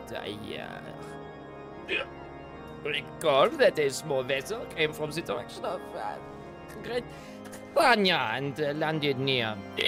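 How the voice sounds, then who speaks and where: A tipsy Frenchman with a thick put-on French accent, rambling and stumbling over his words, his voice swooping up and down, as a man acts him out. Faint music plays behind. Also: mid-range voice.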